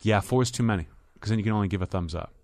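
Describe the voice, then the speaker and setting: A man with a fairly low voice talks in a relaxed podcast chat, dry and sarcastic as he grumbles about his week. The sound is close and dead, with no room around it. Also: very fast, dry recording. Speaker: podcast co-host, comedian. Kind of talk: casual chat.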